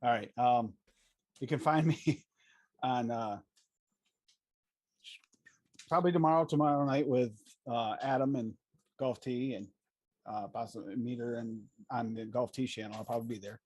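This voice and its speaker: A man's voice: medium pitch, steady tone, moderate pace, long pauses, a little mellow, dry recording. Rambling male streamer with fillers. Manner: rambling, hesitant with many fillers. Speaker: livestream co-host and advocacy streamer. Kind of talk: casual livestream chat.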